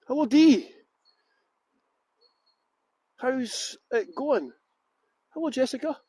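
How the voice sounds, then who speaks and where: A man's voice: extremely high pitch, big pitch swings, very slow, pauses often, warm tone, slightly rough, dry recording. A Scottish man guiding a live-streamed walking tour outdoors in a garden, greeting viewers by name with jokey, self-mocking banter. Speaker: tour guide.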